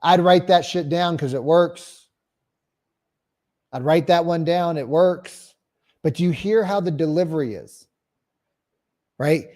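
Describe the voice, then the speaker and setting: A man gives an energetic real estate sales training talk, acting out calls and clients and cursing casually. His voice is a little high, and he speaks slowly with frequent pauses.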